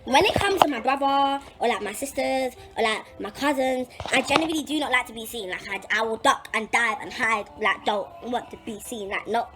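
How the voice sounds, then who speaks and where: Young girl doing a storytime, high bright voice, super dramatic, lil music behind. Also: a little fast, few pauses. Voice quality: animated, dramatic, swears freely. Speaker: vlogger. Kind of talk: storytime vlog.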